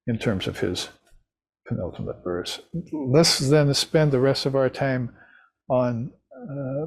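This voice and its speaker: A man teaching a devotional class on scripture, talking in a meandering, reflective way with restarts and soft laughs. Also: mid-range voice, husky. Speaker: spiritual teacher. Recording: class recorded for live stream.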